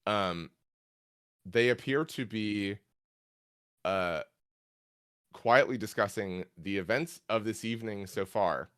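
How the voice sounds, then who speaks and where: A man running a tabletop game as game master, narrating haltingly with many fillers. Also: fairly low pitch, a bit bright, clear, resonant tone.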